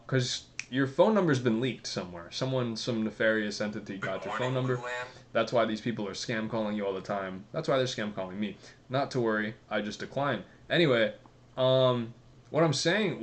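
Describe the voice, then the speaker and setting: A man giving casual, rambling commentary on a video, sarcastic and full of swearing. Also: lowish voice. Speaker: commentary vlogger.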